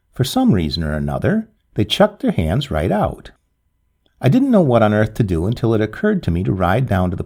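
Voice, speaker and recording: A man reading a first-person tale aloud as narrator, with an expressive delivery that lifts suddenly. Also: on the low side, slightly rough. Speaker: story narrator.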